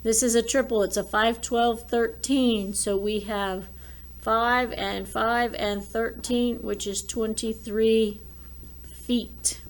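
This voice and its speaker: Slow, careful woman teacher. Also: fairly high pitch, steady tone. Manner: talks while drawing and working problems aloud. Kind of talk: recorded math lesson.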